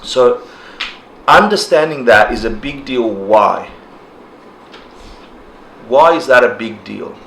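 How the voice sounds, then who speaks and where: A man teaching a relaxed class, talking casually, laughing often and acting out people's reactions. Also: medium pitch, takes it slowly, creaky, pauses often. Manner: animated, laughs often, acts out quoted reactions. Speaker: dharma teacher. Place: indoor class room. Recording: roomy echo, faint ambient noise.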